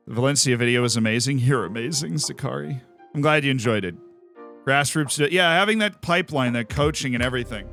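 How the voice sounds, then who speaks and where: A young American man streaming live, chatting casually and answering viewer messages with animated, joking replies and quick restarts. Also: mid-range voice, faint music behind. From United States.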